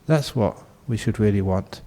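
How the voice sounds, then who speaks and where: A man who is a Buddhist monk giving a relaxed, humorous dharma talk and telling a story, often laughing. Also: fairly low pitch, normal speed.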